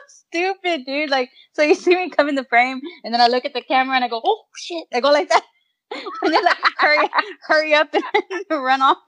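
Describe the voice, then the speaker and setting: A woman's voice: sits high, brisk, fairly bright tone. A woman co-hosting a podcast, telling funny stories in casual chat and laughing often. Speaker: podcast co-host.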